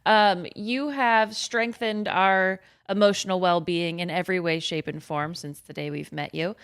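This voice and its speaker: A woman's voice: lowish voice, steady tone, moderate pace, a bit bright, smooth. A woman co-hosting a podcast, introducing the topic and guest in an enthusiastic, gushing way. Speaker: podcast co-host. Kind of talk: casual podcast chat.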